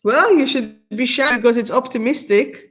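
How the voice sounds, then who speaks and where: A middle-aged woman from Israel, her voice on the high side and slightly rough, speaks at a moderate pace. She is guest-hosting a live stream, leading a meditation and doing oracle card readings in a soothing, affirming style with slightly phrasing.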